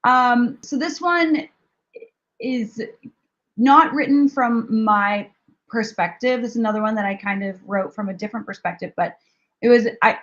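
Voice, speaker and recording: A woman singer-songwriter speaks as a radio guest. She is soft-spoken and thoughtful, and her voice comes through a little dull and lo-fi. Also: fairly high pitch, moderate pace. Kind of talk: casual interview.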